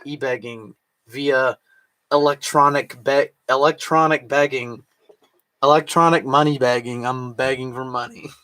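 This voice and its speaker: A man's voice: medium pitch, steady tone, a little slow, pushed and bright. A drunk young man chatting casually on a late-night livestream, swearing, slurring and laughing to himself. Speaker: streamer.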